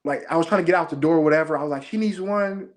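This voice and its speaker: A young man, a former game show contestant, retelling his experience as an interview guest in an excited, fast-moving casual chat. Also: a little high. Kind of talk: animated storytelling in casual chat.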